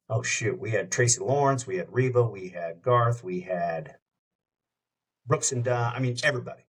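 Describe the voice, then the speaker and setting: A middle-aged man who hosts radio tells stories in an easygoing podcast chat. He rambles and jumps from one anecdote to another, with a voice of ordinary pitch. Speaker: radio show host, podcast guest. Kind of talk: casual storytelling chat.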